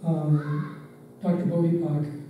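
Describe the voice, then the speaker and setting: An older man, once a driver and staff member, reminiscing in unhurried, reflective anecdotes with pauses. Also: a little high, flat delivery, phone-quality sound. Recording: roomy, distant mic, faint background noise.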